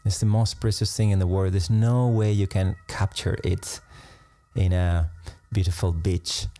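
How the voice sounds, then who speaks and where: Low gravelly man, musing meditation talk. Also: fairly even intonation. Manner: unhurried, musing, laughs softly between thoughts. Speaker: meditation teacher. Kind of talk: reflective live-stream talk.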